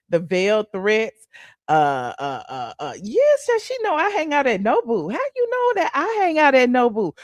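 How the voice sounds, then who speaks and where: A woman hosts a casual celebrity gossip livestream, sassy and chatty, calling her audience "honey" and "child" and humming "mm-hmm" and laughing between points. Her voice is mid-range, and the recording is dry.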